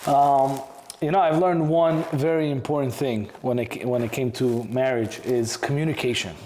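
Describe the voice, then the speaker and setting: A man's voice: medium pitch, fairly even intonation, moderate pace, warm tone, roomy sound, a little hiss or hum. A man in his thirties co-hosting a casual podcast, speaking in a personal, hesitant way with frequent restarts. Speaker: podcast co-host.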